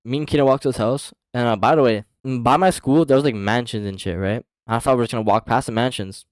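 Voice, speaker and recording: A man's voice: medium pitch, fast, dry recording. A young man casually telling a storytime story to his viewers, slangy and profane, with lots of fillers.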